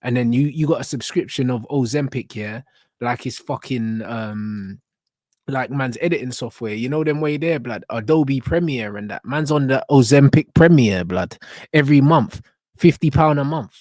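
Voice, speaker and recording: A man's voice: mid-range voice, normal speed, darkish tone, no echo, studio quality. A young man, ranting bluntly with lots of slang and swearing as he reacts to a video. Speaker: reaction channel host.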